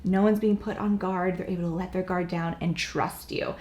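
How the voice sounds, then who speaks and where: A bubbly young woman co-hosts a relaxed coaching talk. She sounds playful and upbeat and laughs easily. The room is roomy and echoes around her voice. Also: on the low side, normal speed. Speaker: co-host, business coach. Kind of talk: casual coaching chat. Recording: roomy echo.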